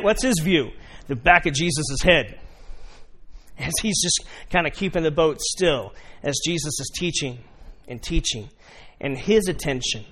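A male pastor preaching with animated storytelling, slipping into character voices as he goes. His voice sits somewhat high for a man, and he shifts between hushed, reflective moments and louder bursts. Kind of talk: sermon.

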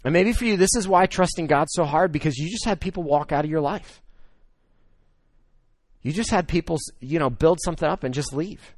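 A man in his thirties preaching a sermon, telling a personal story that swings between loud excitement and hushed emotion. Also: a little high, fairly quick, dry recording, clean studio sound. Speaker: pastor.

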